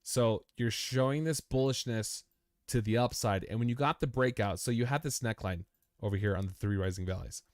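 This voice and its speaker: At a moderate pace and in a mid-range voice, recorded dry in a clean studio, a young man hosts a live crypto chart analysis. Chatty and prone to repeating phrases, he addresses the chart as "you" and peppers his talk with "man", "dude" and "bro".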